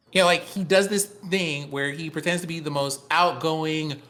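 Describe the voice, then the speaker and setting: A man's voice: fairly high pitch, fairly even intonation, normal speed, pushed and bright, faint music behind. A man co-hosting a tech podcast in casual chat, explaining things at length with enthusiasm. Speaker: podcast co-host.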